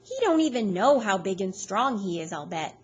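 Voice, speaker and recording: A woman reading aloud, voicing a loud, mocking woman who giggles and taunts. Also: mid-range voice, very animated, normal speed, slightly rough. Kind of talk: read-aloud storytelling.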